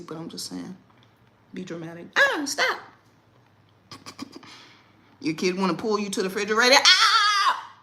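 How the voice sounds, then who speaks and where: Bright-voiced woman chatting on a livestream. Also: on the low side. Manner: animated, dramatic outbursts and playful talk. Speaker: livestream host. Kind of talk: casual livestream chat.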